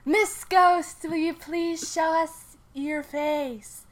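Lady doing a chirpy psychic girl voice, way high, bright and breezy. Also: steady tone, drawn-out words, heavily acted. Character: upbeat young woman psychic medium.

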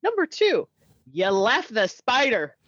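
A woman's voice: on the high side, huge pitch swings, takes it slowly, a bit bright, breathy edge, no room sound, lo-fi sound. A woman co-hosting a casual podcast, joking and laughing as she recaps a TV episode and playfully quotes characters. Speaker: podcast co-host.

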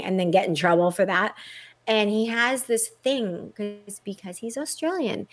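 A woman in casual chat, telling animated stories and acting out quotes with a laugh. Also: medium pitch. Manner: animated storytelling, frequent laughs and acted-out quotes.

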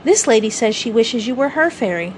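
A woman's voice: a little high, animated, brisk, slight background noise, close to an everyday voice. Woman voicing Peter Pan, cocky eager boy. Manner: passionate, cocky, boyish. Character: eager boastful boy who never grows up.

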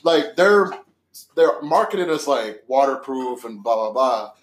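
A man's voice: mid-range voice, lively intonation, measured pace. Profane laughing podcast man, echoey room. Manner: loose, profane, laughing storytelling. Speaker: podcast host. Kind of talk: casual chat.

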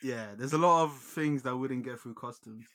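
A man's voice: mid-range voice, moderate pace, pushed and bright, no echo, clean studio sound. A young British man co-hosting a podcast, joking, swearing and laughing often in slangy casual banter. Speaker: podcast co-host.

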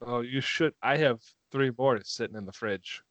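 A man's voice: medium pitch, moderate pace, fairly bright tone, no room sound. A man co-hosting a casual podcast chat, playful, often laughing and needling his friend. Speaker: podcast co-host.

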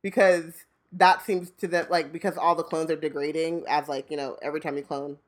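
A woman's voice: deep voice, brisk. A woman co-hosting a casual podcast, retelling a story animatedly and peppering it with "like". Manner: animated storytelling with frequent 'like'. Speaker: podcast co-host. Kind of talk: casual chat.

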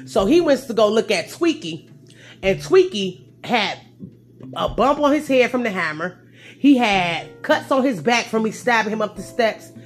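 Young woman vlogger, casual storytelling, animated, jumps from loud bursts to hushed asides, faint music behind. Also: unhurried. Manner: animated, swings from loud outbursts to low asides.

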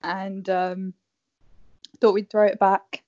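A woman's voice: mid-range voice, flat delivery, slow pace, darkish tone, muffled recording, a little hiss or hum. A woman hosting a casual podcast game, bossy and teasing as she cheers others on. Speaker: podcast host running a game.

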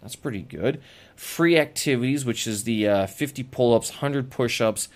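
A man's voice: medium pitch, normal speed. A man hosting a casual solo audio blog, talking off the cuff with lots of fillers and restarts. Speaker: podcast host. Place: lives abroad as an expat.

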